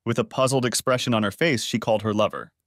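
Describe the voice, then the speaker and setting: A man narrating a revenge audiobook in an expressive storytelling voice. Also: fairly low pitch, fast, dry recording, studio quality.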